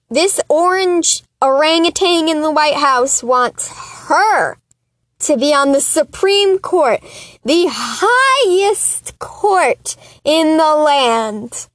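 A woman's voice: sits high, fairly bright tone, dry recording. A woman hosting her own solo political commentary podcast, talking in an impassioned, exasperated rant with chatty, self-mocking asides. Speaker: podcast host.

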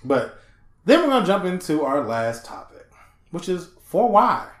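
A man's voice: high-pitched, a little slow, reverberant. A man co-hosting a casual podcast chat, telling stories with lots of swearing and laughter. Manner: animated, profane, laughing storyteller. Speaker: podcast co-host.

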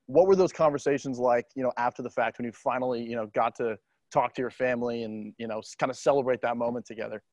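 A man's voice: medium pitch, quick pace, darkish tone, no room sound. Man host asking a rambling question. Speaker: podcast host. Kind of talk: interview question. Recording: dull lo-fi recording.

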